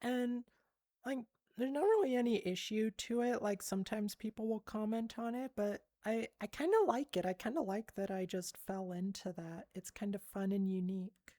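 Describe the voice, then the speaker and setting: A woman's voice: medium pitch, moderate pace, warm tone, no echo, studio quality. A woman streamer chatting casually with her viewers, giggling often and blowing them kisses.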